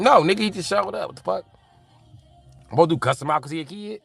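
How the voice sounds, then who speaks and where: A man streaming live and reading chat aloud, in loose, animated, profane banter with frequent laughter. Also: high-pitched, fast, gravelly, slightly rough, soft background music.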